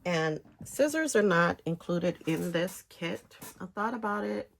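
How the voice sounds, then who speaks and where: A woman walks a beginner through knitting, step by step, in a casual tutorial. She speaks slowly and her voice is a little low. Her phrasing is halting, with pauses between short chunks, and her tone has a gravelly edge. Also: animated, slight background noise. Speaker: knitting instructor.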